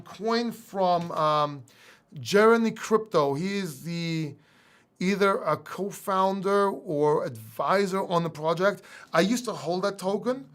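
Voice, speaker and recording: A man's voice: high voice, a bit bright. A man hosting a casual livestream Q&A, with a slight Greek accent, reading viewer questions aloud and chatting back informally. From England. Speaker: livestream host.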